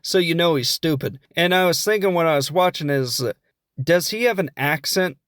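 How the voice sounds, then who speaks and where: A man's voice: a little high, moderate pace, a bit bright, clear, resonant tone, dry recording, clean studio sound. A man with a Midwestern American accent, hosting a podcast and recapping a film in a rambling, jokey, self-deprecating way. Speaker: podcast host. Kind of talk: casual comedic film recap.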